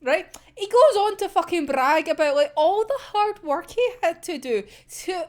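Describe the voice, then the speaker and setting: Lively high-voiced woman ranting. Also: normal speed. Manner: animated, swears a lot, laughs often. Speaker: manga reaction commentator. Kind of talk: casual reaction commentary.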